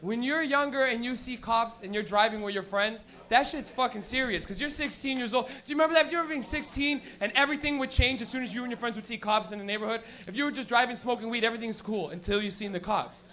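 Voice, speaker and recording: A man's voice: extremely high pitch, fast, few pauses, sharp tone. A young man from Canada doing a profane stand-up comedy set at a club, acting out friends and cops in voices.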